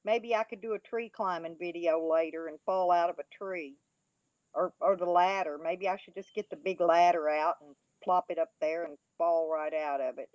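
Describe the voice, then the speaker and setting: A woman's voice: lowish voice, steady tone, moderate pace, no room sound. A woman hosting a casual livestream, reading the chat and taunting trolls with a laugh. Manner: mocking, taunting, laughing often. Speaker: livestream host. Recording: dry, dull lo-fi audio.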